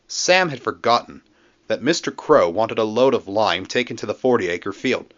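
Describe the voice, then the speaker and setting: Male storybook narrator, lively varied delivery, dull lo-fi mic. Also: fairly low pitch, normal speed. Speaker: storybook reader.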